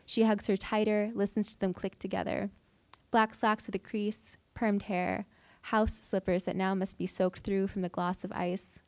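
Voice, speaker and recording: A woman, a fiction writer, reading her own prose aloud at an event with measured, deliberate delivery. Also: medium pitch, little pitch movement, no echo. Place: event hall.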